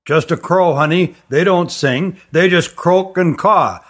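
A man reading an audiobook, voicing a relaxed father who talks casually and brushes things off gently. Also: on the high side, unhurried, slightly rough. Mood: dismissive. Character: easygoing human father, a fisherman.

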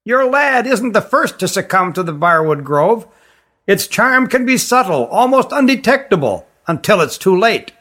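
A man voicing a stern male stranger who rides a fox, speaking in a high voice with a measured, explanatory manner. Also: sing-song, bright, forceful tone, heavily acted. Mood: grave.

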